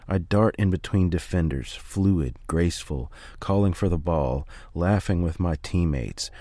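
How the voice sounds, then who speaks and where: A man reading a first-person memoir aloud in a steady, measured way. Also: deep voice, dry recording. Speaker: audiobook reader.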